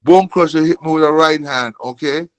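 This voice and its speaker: Animated Jamaican man telling a story. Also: fairly high pitch, normal speed, low-quality recording. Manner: animated, profane, repeats words and says okay often. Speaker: guest telling a boxing story. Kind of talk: casual storytelling.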